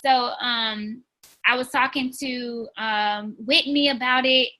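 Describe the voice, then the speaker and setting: Bright-voiced woman rallying her team. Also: a little high, steady tone, slow, poor audio. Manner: earnest, chatty, peppered with "like" and "um"; addresses listeners as "y'all". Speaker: team leader on a business team call. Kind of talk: motivational talk to a team.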